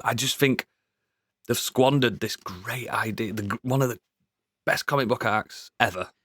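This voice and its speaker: A man's voice: mid-range voice, moderate pace, fairly bright tone, slight background noise. A British man who is feeling unwell, co-hosting a podcast in loose casual chat with swearing and fillers. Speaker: podcast co-host.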